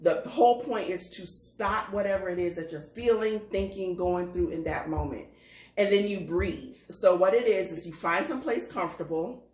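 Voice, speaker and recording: A woman co-hosting a casual talk, calmly explaining a breathing practice step by step. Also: lowish voice, moderate pace, echoey room, rough recording. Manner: calm, instructive, steady. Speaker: co-host. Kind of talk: casual chat on mindfulness.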